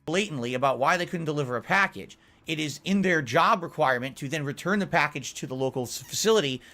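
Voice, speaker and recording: A man's voice: on the high side, animated, quick pace, pushed and bright, faint music behind. A man telling a story on a commentary podcast, acting out both sides of his phone calls.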